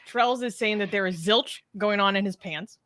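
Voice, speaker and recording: Chatty bright-voiced woman co-host. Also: medium pitch, moderate pace, slight background noise. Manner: chatty, many fillers, reads viewer comments aloud. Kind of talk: casual live-stream chat.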